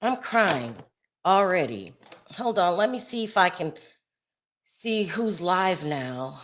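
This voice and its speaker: An upset woman hosts a live stream from her home, talking slowly and unhurriedly. She rambles emotionally, jumping from loud outbursts down to sighing, quiet murmurs, and sounds shaky. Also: on the low side, big pitch swings. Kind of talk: casual live-stream commentary.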